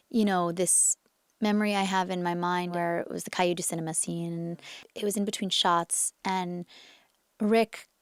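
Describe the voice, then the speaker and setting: A woman in her thirties, an actress being interviewed, chatting in an animated way with lots of filler words. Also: on the low side, no room sound. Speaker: actress guest. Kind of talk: casual interview chat.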